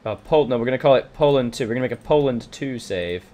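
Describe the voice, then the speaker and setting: A man with an accent that blends British and American speech, playing a strategy game for his channel. He reads the event texts aloud, then drops into easy banter with his stream chat. His voice sits at an ordinary middle pitch. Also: expressive, quick pace, warm tone. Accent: mixed British and American. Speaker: gaming channel host. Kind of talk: casual let's-play commentary recorded from a livestream.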